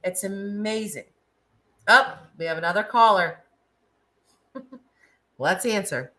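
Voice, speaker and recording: A middle-aged woman with a lowish, pushed and bright voice hosts a casual live stream chat with callers. She's animated yet slow-paced, chatty, laughing often and restarting her sentences, on a rough recording.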